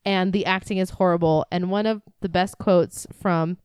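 Young woman podcaster, blunt, swears a lot, smooth clear voice, dry mic. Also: moderate pace, no echo. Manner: blunt, swears a lot, animated, jumps high when mimicking. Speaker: podcast co-host. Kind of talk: casual chat.

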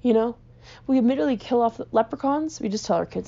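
A young woman, ranting in an exasperated, swearing, animated way as a podcast host. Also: fairly high pitch, quick pace, gravelly. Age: young adult. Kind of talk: casual comedic rant. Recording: dull lo-fi recording.

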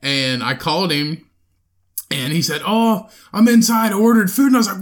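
A young man co-hosting a podcast, telling a profane, animated story in casual chat and acting out the quotes. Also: high-pitched, moderate pace. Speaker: podcast co-host.

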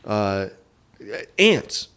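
A man co-hosting a casual podcast, telling stories in an animated way and laughing partway through his sentences. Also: lowish voice, extremely slow, smooth. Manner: animated storyteller who laughs mid-sentence. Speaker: podcast co-host. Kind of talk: casual chat.

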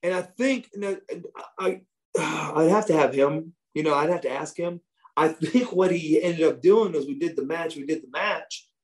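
A man, a former wrestler, telling profane, animated backstage stories as a guest in a casual interview. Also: a little high, normal speed.

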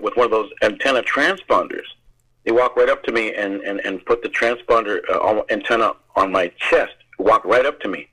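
Husky, bright-voiced American man telling stories. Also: mid-range voice, rough recording. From United States. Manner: rambling, repeats words, laughs often. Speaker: guest actor. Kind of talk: casual interview storytelling.

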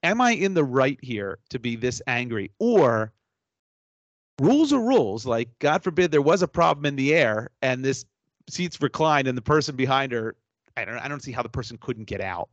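Man, podcast co-host, animated ranting story, dry close sound, slightly dull lo-fi audio. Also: medium pitch, no echo. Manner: animated, exasperated ranting with swearing. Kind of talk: casual storytelling chat.

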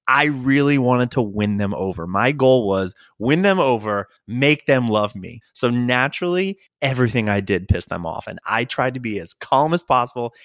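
A man's voice: medium pitch, dry recording, clean studio sound. A young man hosting a podcast, telling a trip story in casual chat, joking, swearing freely and acting out what others said. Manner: animated, jokey, swears freely, acts out quoted voices. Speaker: podcast host.

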